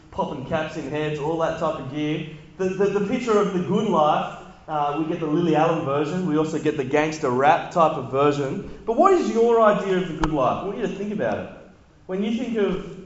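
A man's voice: fairly high pitch, animated, normal speed, heavy reverb, dull audio, slight background noise. A man preaching casually to teenagers, joking with the crowd. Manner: conversational, joking with the audience. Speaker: youth pastor. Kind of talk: sermon to teenagers.

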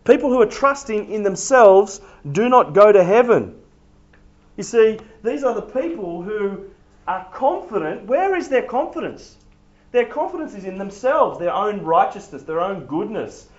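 A man's voice: high-pitched, very animated, unhurried. A man preaching a sermon in an emphatic, conversational way. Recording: echoey, dull room recording.

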